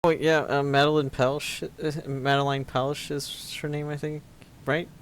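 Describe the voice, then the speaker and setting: A man's voice: on the high side, flat delivery, measured pace, a little hiss or hum. A man co-hosting a casual podcast film chat, agreeing and chiming in with short remarks. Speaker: podcast co-host.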